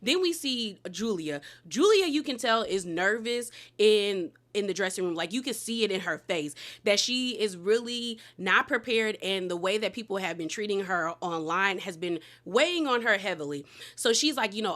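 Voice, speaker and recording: A woman's voice: medium pitch, expressive, moderate pace, a bit bright. A woman hosting a casual reality TV recap, talking straight to viewers in a sassy, candid manner.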